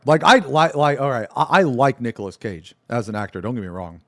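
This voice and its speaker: A man's voice: medium pitch, a little fast, few pauses, fairly bright tone, no echo, clean studio sound. A man livestreaming, chatting casually with viewers in a rambling way, often laughing and swearing.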